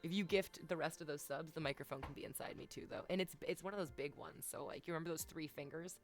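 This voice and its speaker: A woman with a slightly low voice chats with her stream audience from home, playful and crude. She teases her viewers directly in a loose, unscripted way, with faint music behind her. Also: fast talker. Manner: playful, teasing and crude, talking straight to chat. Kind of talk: casual live-stream chat. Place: home, talking to viewers with her dog nearby. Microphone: desk microphone, off camera.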